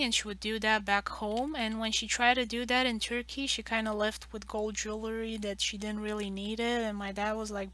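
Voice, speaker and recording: With a medium-pitched voice that sounds pushed and bright, and no echo, a young woman from Romania streams herself drawing. Her casual chat wanders, with plenty of "like" fillers and false starts.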